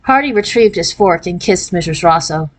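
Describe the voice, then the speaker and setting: A woman narrating a children's novel aloud in a clear, steady storytelling manner. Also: lowish voice, moderate pace. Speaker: reader.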